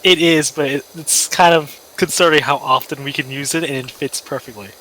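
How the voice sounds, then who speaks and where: A man's voice: a little high, steady tone, moderate pace, bright, forceful tone, rough recording. A man in a casual gaming chat making dry, wry asides.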